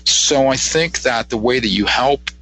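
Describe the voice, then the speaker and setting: A man's voice: medium pitch, measured pace, pushed and bright, poor audio. A man from Ohio, a psychic guest on a radio talk show, speaking earnestly and encouragingly with frequent restarts. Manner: earnest, encouraging, many restarts and "you know".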